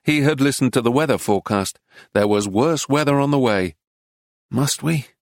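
A man reading a book aloud in measured, even storytelling narration into a close studio mic. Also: mid-range voice, dry recording. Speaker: audiobook narrator. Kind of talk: scripted narration.

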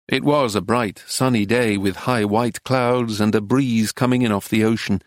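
Dry, measured English male narrator. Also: on the low side, fairly even intonation, dry recording. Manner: measured, wry, literary. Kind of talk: audiobook reading of a travel memoir.

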